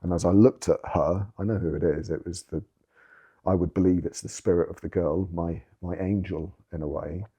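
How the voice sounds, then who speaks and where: This man's voice is low, husky, dark and mellow, and his intonation stays fairly even at a normal speed. Speaking in an interview, he tells his story candidly and earnestly, stressing words hard and cursing for emphasis.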